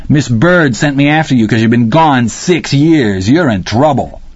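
A man's voice: mid-range voice, lively intonation, a little slow, husky, dull audio, pitched above the performer's own voice. A man voicing a smug schoolboy who teases and mocks. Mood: mocking. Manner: teasing, gleeful.

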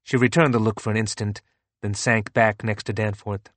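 A man narrating a novel as an audiobook in a steady, even reading. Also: fairly low pitch, normal speed, no echo.

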